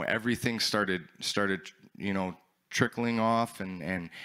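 A male pastor preaching a sermon and telling his own testimony, rambling with many restarts and building to loud fervor. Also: mid-range voice.

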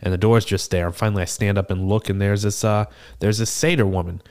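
A man's voice: lowish voice, steady tone, quick pace, a little mellow, close to an everyday voice. A man playing a seasoned male tortle cleric who tells a tavern tale in a chatty, rambling way, full of fillers and restarts. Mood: animated. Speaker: player character in an improvised tavern scene. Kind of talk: improvised in-character storytelling.

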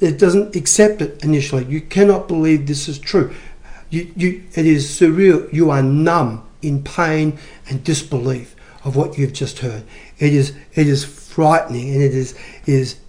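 A man preaching with real energy and a voice sitting a touch high for a man. He hammers his points home by repeating phrases. The delivery is a lively sermon rather than a calm talk. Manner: animated, emphatic preaching with repetitions.

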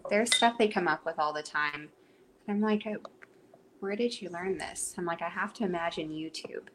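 A woman's voice: on the low side, normal speed, a bit bright, slight background noise. A woman in her thirties chatting casually as a podcast guest, laughing often as she talks. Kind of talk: casual chat.

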